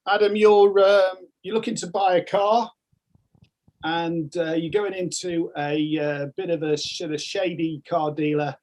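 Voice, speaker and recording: An older man, a retired police officer, chatting as a podcast guest with many pauses and fillers. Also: on the high side, fairly even intonation, darkish tone. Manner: hesitant, many ums, good-natured. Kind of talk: casual podcast chat.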